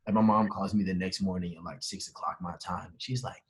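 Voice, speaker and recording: A man's voice: deep voice, steady tone, brisk, very noisy. A young man, a podcast guest, telling a story in casual chat and animatedly acting out the voices of the people he quotes. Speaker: podcast guest, professional baseball player.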